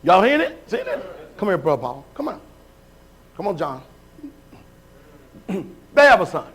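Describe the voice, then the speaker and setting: A man's voice: high-pitched, very animated, a little slow, a bit bright, breathy edge. A man preaching as a pastor, calling members forward and asking the congregation whether they follow him. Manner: calls people up, checks in with the crowd. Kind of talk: live sermon.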